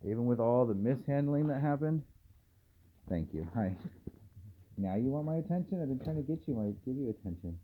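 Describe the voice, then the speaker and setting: A man, a dog trainer, filming a casual vlog at home at night and softly murmuring to calm his dogs between remarks to the camera. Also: mid-range voice, fairly quick. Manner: soft, soothing murmurs to the dogs. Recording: tinny phone-like audio, faint hiss.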